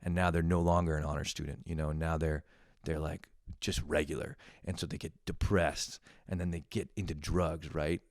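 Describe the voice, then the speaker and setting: A man's voice: very deep voice, normal speed, dry recording, studio quality. A young man from Canada talking in a casual, rambling, profane monologue to his audience. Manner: profane, rambling, animated when telling stories. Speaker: vlogger.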